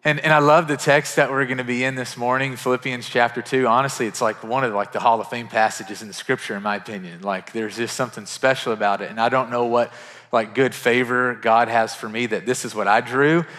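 Earnest pastor in a reverberant church. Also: male voice, medium pitch, fairly even intonation, a little fast. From western Kentucky. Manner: earnest, conversational, frequent restarts, drops to hushed tones for quoted lines. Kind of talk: sermon. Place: church sanctuary. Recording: church sanctuary with long reverb.

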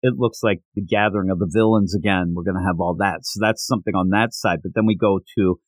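A man's voice: sits low, fairly even intonation, quick pace, dry recording. A man hosting a podcast in a casual, rambling way, often restarting his sentences. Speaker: podcast host. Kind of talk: casual podcast chat and recap.

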